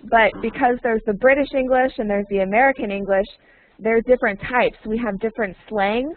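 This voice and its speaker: A woman's voice: a little high, fairly even intonation, a little fast, slight background noise. A woman teaching an online English lesson to a small group, patiently repeating and modeling phrases and laughing often. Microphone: computer mic on a video call. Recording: tinny online call line.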